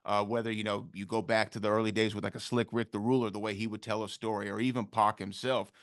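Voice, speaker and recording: A man's voice: on the low side, flat delivery, fast talker, no room sound. Southern guy hosting an interview, long winding questions, dry close sound. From American South. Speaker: interviewer host.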